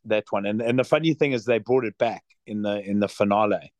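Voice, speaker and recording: A man's voice: fairly low pitch, fairly quick, a little mellow, no echo. A man with a South African accent chatting as a podcast guest, rambling easily with lots of fillers. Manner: rambling, filler-heavy, easygoing. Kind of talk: casual interview chat.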